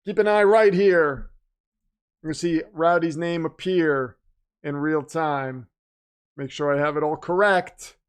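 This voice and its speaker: Excitable high-voiced man streaming live. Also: a little slow, clear, resonant tone. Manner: excitable, announcer-style hype with chatty asides. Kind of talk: casual live-stream commentary.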